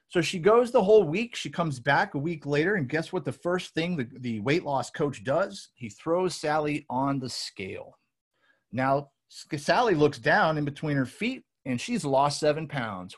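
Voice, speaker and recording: A man giving an energetic talk to a live audience, telling stories with acted-out quotes and lots of restarts. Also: a little high, measured pace, slightly rough. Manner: animated storytelling with acted-out quotes and many restarts. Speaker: weight loss coach presenter.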